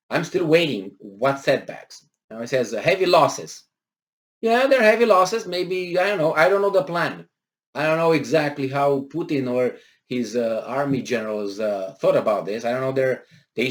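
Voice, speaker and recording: A man commenting on a news article, arguing with rhetorical questions and sarcastic asides, with frequent hesitations and pitch that jumps on emphatic words. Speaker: political commentator.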